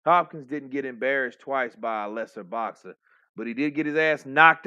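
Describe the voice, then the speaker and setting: Male boxing commentary host, excitable, profane, dull lo-fi audio, dry sound. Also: mid-range voice, normal speed, clear, resonant tone, dry recording. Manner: excitable, profane, joking banter. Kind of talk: live stream fight commentary.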